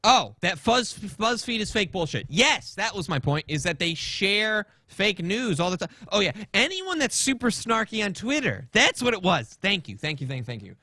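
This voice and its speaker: A man's voice: high voice, very animated, normal speed, few pauses, sharp tone, no echo. A man hosting a podcast, telling a rambling story in a casual, swearing rant. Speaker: podcast host.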